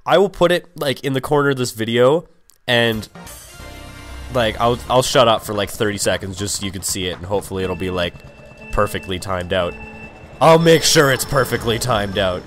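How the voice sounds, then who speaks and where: A man's voice: lowish voice, fairly quick, fairly bright tone. A young man rambling through casual gaming commentary, profane and over-caffeinated, with sudden raging outbursts. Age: young adult. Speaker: let's play commentator. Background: game music.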